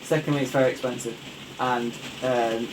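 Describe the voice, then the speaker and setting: A man's voice: medium pitch, fairly even intonation, normal speed, noisy background. A young man hosting a casual podcast chat, rambling eagerly with lots of fillers and restarts. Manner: enthusiastic, rambling with many fillers. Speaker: podcast host.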